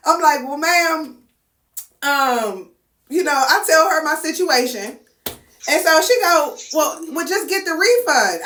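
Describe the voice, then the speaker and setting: Lady telling a storytime, high voice, echoey room. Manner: animated, acts out quotes with big pitch swings. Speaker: storyteller host. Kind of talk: casual storytime chat. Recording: echoey room with faint noise.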